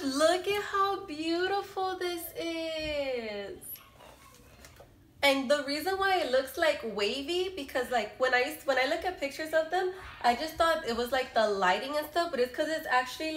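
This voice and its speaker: Gushing high-voiced woman vlogger. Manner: gushing, excitable, talks to viewers directly. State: sounds a bit sick. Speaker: beauty vlogger. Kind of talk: unboxing first impressions. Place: room at home with a window. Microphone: camera mic. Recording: echoey room, faint background music.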